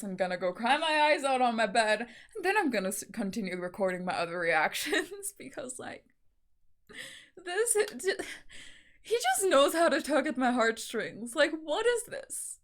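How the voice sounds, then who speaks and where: A woman's voice: on the high side, a bit bright. A young woman hosting a fan reaction video, talking in a gushing, emotional way with lots of "like" fillers and half-laughing, near-tearful asides. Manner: gushing, heavy "like" fillers, laughing through tears.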